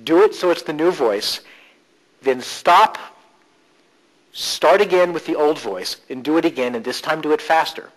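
A man presenting a live workshop at a conference, animated and coaching the room, dropping suddenly into slow, low voices to demonstrate. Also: rough recording. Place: conference hall.

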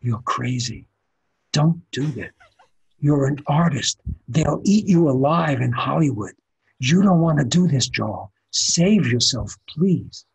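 A man voicing a blunt older male executive who talks like a gangster, in a husky voice. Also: medium pitch, expressive, slow, voice pushed down, exaggerated voice. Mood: urging.

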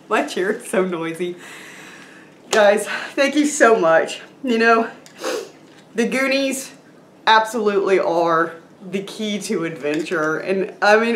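A woman chatting to her viewers in an excited, gushing way, laughing often and sounding a little teary. Her voice is of middling pitch for a woman. The room is echoey, with a faint hum of ambience behind her. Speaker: vlogger. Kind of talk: casual vlog chat. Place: room at home with a noisy chair.

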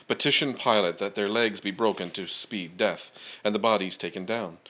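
A preacher prays before reading out a long passage of scripture during a church service, keeping a measured pace. His voice is somewhat low with a fairly bright tone, and he sprinkles in "uh" and "um" as he goes.

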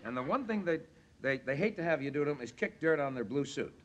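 A man guest on a 1960s television variety show, telling lively stories with a gruff, animated storyteller's manner. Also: a little high, fast. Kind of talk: anecdote-telling chat. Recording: 1963 studio show, audience behind.

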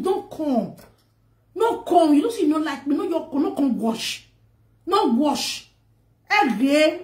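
A woman's voice: high voice, a little mellow. A Nigerian woman on social media, ranting to camera in an emphatic, scolding way that repeats itself. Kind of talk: direct-to-camera rant. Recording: echoey room.

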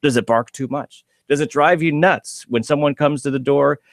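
Brief: male radio host, gravelly tone, animated pitch, dry studio sound. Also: normal speed, dry recording. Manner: chatty, jokey, asks questions. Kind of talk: radio talk show.

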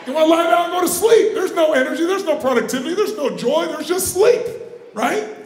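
A man giving a live motivational seminar, booming and exhorting, pushing the audience to shout answers. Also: animated, fairly quick. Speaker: motivational speaker. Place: large conference room with audience. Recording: echoey live room with faint noise.

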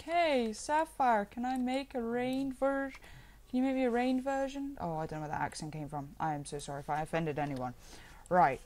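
A woman walking viewers through a software tutorial in a casual, chatty way, rambling now and then with self-deprecating asides. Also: on the low side. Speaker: modding tutorial maker.

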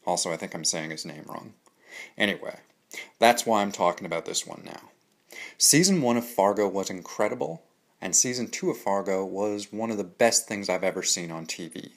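Low-voiced and moderately paced, a man runs a comics analysis show, reading a scripted monologue of blunt, opinionated reviews and dry humor.

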